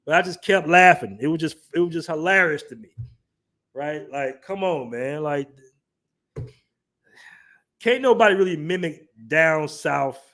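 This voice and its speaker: A man's voice: a little high, animated, measured pace, long pauses, fairly bright tone. A man hosting a casual livestream, reading chat comments aloud and laughing through his commentary. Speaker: livestream host.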